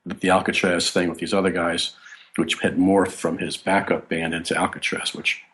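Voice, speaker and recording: A man with a very low, deep voice talks through his memories as an interview guest. He rambles from one anecdote to the next, stopping and restarting his sentences as he goes. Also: flat delivery, normal speed, fairly bright tone. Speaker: guest bassist. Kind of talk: casual interview storytelling.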